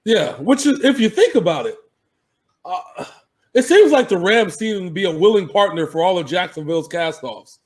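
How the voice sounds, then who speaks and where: High-voiced man in loose, swearing sports chat. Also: moderate pace. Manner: animated, swears freely, laughs often. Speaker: sports podcast co-host. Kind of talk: casual sports talk.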